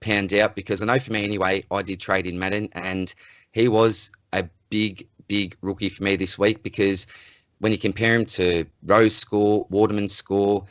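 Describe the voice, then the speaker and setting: An Australian man co-hosting a casual sports podcast, ranting in an animated, exasperated way. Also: on the low side, normal speed, no echo. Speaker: podcast co-host.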